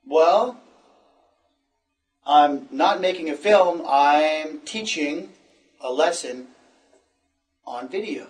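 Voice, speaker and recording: Slow, high-voiced male teacher. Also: far from the mic, soft background music. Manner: slow, clear drilling of simple questions and answers. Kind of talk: scripted language lesson.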